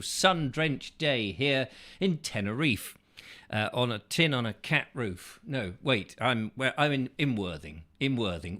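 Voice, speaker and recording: A man's voice: mid-range voice, bright, forceful tone. A man hosting a chat show, rambling through a whimsical, absurd comic monologue full of silly asides.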